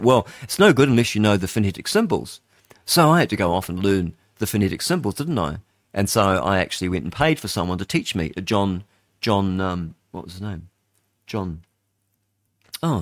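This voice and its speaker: The voice sits on the low side, recorded in a clean studio with no room sound. It belongs to an older radio host from New Zealand, rambling casually on air with plenty of fillers and false starts.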